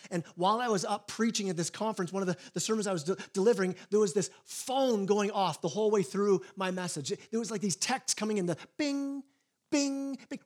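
A man preaching a sermon as pastor, telling stories in an animated way with frequent restarts and acted-out quotes. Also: sits high.

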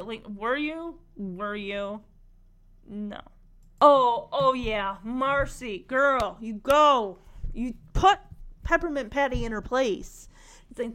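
A woman's voice: sits high, animated, slow pace, fairly bright tone. A woman casually retelling a cartoon story in a chatty, opinionated way, full of asides. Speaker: cartoon recapper.

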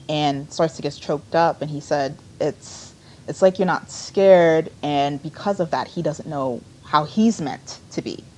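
A woman's voice: deep voice, a little hiss or hum. A woman co-hosting a podcast, casually recapping a TV episode in a rambling, conversational way with lots of fillers.

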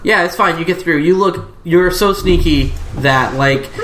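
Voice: medium pitch, measured pace, reverberant, background noise. A game master narrating a tabletop game in a loose, rambling way, full of likes and restarts.

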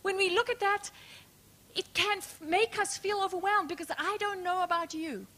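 A woman pastor preaching a sermon, emphatic and questioning, dropping to soft hushed words, calling the congregation her friends. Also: very high voice, normal speed. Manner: addresses congregation as friends, asks rhetorical questions. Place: church.

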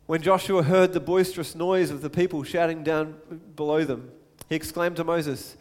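A man's voice: on the high side, steady tone, moderate pace, hardly any pauses, big-room sound. A man preaching a sermon in a conversational way, stopping for asides and acting out the quotes he reads.

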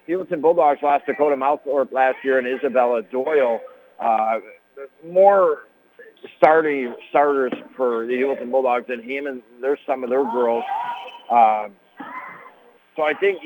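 A middle-aged man with an Upstate New York accent calling high school basketball play-by-play, brisk on the action and chatty between plays. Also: a little hiss or hum, rough recording. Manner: brisk call with rising excitement on big plays; chatty asides with fillers. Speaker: play-by-play commentator. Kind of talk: local sports play-by-play.

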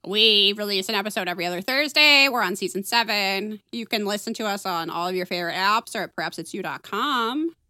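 A woman's voice: mid-range voice, fairly quick, hardly any pauses, pushed and bright. A woman from the Chicago area, a podcast guest, chatting casually with wry teasing and frequent laughter.

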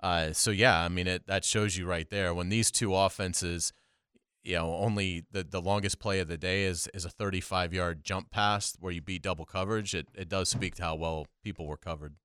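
A man co-hosting a sports talk show, giving measured football analysis backed by stats. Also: deep voice, fairly even intonation, a bit bright, smooth, no room sound, studio quality.

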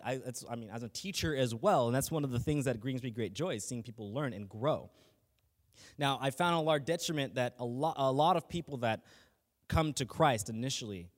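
Guy giving a laid back church talk, lots of um and restarts, mid pitch, long hall echo. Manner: conversational, many restarts and fillers. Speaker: lay Christian speaker and teacher. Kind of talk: casual faith talk.

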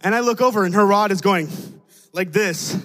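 A man with a high voice preaches a sermon, easygoing and animated, and he plays out the people in his stories as he goes. His voice rings with the long reverb of a church hall. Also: normal speed. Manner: animated, conversational, acts out voices in a story. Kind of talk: sermon with storytelling.

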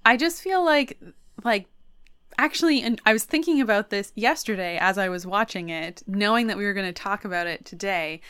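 Female co-host, smooth clear voice, eager and rambling, dry close sound. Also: medium pitch, moderate pace, a bit bright, no echo. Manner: enthusiastic, rambling. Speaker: podcast co-host. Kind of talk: casual chat.

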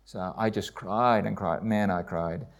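A middle-aged man, a missionary, telling a heartfelt personal testimony in church, with frequent hesitations and dialogue acted out in a rising voice. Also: measured pace. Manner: heartfelt storytelling, acts out dialogue with rising pitch.

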